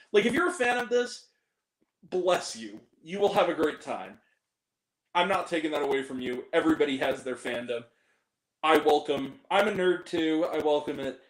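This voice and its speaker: Blunt rambling man reviewing movies. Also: a little high. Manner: blunt, rambling, self-deprecating. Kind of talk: casual video review. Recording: echoey room.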